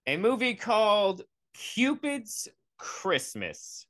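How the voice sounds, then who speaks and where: Sarcastic, swearing podcast host, lively pitch. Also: male voice, takes it slowly, dry recording, clean studio sound. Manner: profane, rambling, sarcastic. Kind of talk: comedic solo rant.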